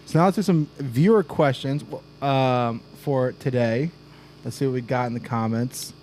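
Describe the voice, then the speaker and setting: A man's voice: medium pitch, moderate pace, a little mellow, slight background noise. A man hosting a casual podcast, loosely reading out viewer comments and joking with his co-hosts. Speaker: podcast host. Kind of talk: casual chat.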